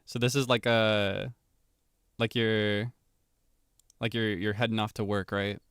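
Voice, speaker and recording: A man's voice: on the low side, measured pace, smooth, no echo. Male streamer, casual chat, laughs a lot, rambles, dry close sound. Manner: animated, giggly, rambling asides.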